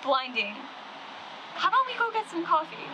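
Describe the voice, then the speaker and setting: A girl playing a high, blunt teen girl. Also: very animated, normal speed, noisy background. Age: teens. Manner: teasing, blunt and self-assured. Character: bold outspoken teen girl, openly lesbian sophomore.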